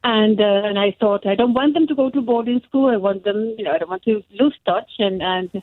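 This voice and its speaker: A woman's voice: mid-range voice, fairly quick, no echo. Earnest woman caller on a tinny phone line. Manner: earnest, heartfelt storytelling. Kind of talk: phone-in call.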